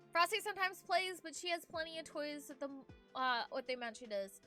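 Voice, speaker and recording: A young woman with a high, bright voice chats casually with viewers from home, rambling along and reading their messages aloud. Faint music plays softly underneath. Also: very animated, brisk, hardly any pauses. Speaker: streamer. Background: faint background music.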